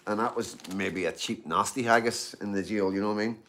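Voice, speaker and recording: With slight background noise, a man speaks briskly in a fairly low, fairly bright voice while reading his stream's chat in Glasgow. He's casual and chatty, rambles and repeats himself, leans on "you know what I mean," and eats and drinks tea between remarks.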